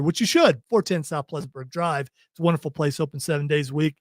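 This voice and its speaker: A man's voice: on the high side, fast talker, few pauses, dry recording, studio quality. A man hosting a radio show, casually joking and reading listener texts. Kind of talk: casual on-air banter.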